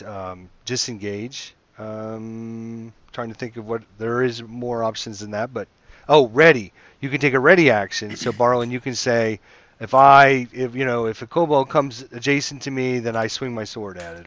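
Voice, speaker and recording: A man's voice: medium pitch, steady tone, moderate pace, a bit bright, muffled recording. A man running an online tabletop game as dungeon master, explaining rules patiently with fillers and restarts.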